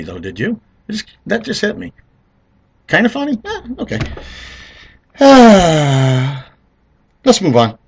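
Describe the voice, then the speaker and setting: A man of Italian heritage with a husky voice, rambling through a sarcastic political rant. His pitch swings widely as he jokes and addresses the listener directly. His tone is forceful and edgy. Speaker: political commentator. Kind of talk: vlog commentary monologue.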